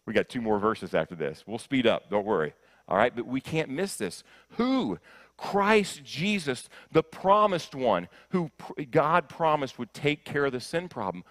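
A man preaching a sermon, emphatic, often repeating his first words, swinging from loud stresses to soft, intense lines. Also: medium pitch, expressive, normal speed. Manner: emphatic, repeats words when starting sentences. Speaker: guest preacher. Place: church sanctuary.

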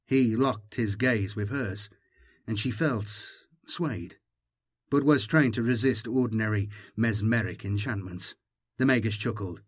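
A man reading an audiobook in measured, dramatic scripted narration. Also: mid-range voice, expressive.

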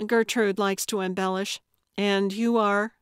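A woman's voice: mid-range voice, level tone, measured pace, clear, resonant tone, no echo, lightly acted. A woman doing a blunt skeptical friend. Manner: blunt, dry. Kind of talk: audiobook character voice.

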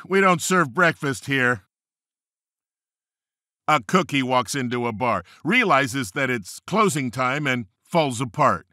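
A man narrates a joke book in a playful read, leaping higher for each quoted character. His voice is bright and lively, rising and falling widely, and he takes his time. The sound is dry and close, like a studio booth. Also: no room sound. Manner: playful, quick jumps up in pitch for quoted characters. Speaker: audiobook narrator. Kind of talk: reading a joke book aloud.

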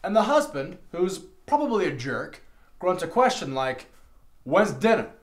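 A man acting out a jealous husband in a staged scene, narrating and then shouting accusations. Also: high-pitched, big pitch swings, a little slow. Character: young man playing a jealous, enraged husband. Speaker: friend acting out a crime scene.

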